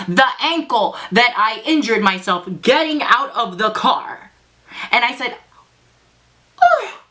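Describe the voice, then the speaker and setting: Bright-voiced sassy young woman vlogger. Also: on the high side. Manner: sassy, profane, dramatic storytelling. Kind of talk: casual storytime vlog.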